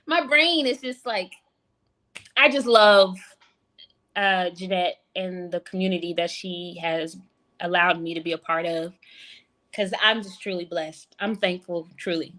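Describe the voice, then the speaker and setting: Brief: bright, effusive woman, animated casual chat over a video call. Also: on the low side, measured pace. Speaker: guest.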